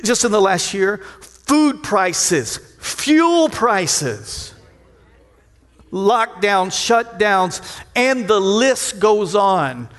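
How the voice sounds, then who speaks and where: A middle-aged man preaches a sermon in a high-pitched voice. He calls on his congregation for responses and slips into quoted voices with shouts. The sound rings through a large hall with long reverb. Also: very animated, very slow. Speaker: pastor.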